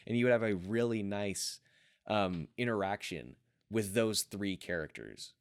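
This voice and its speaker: A man's voice: lowish voice, lively intonation, moderate pace, a little mellow. A man hosting a casual podcast chat, rambling through his ideas with lots of "like" and restarts. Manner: rambling, many fillers and restarts. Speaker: podcast host.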